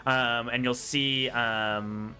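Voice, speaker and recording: Male tabletop game master, bright voice, loose rambling delivery. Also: medium pitch, steady tone, extremely slow, faint music behind. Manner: rambling, many ums, laughs often.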